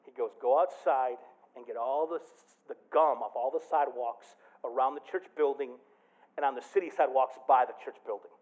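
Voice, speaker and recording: A man preaching a sermon as pastor, telling a story with big swings from quiet to loud. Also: mid-range voice, a little fast. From Michigan.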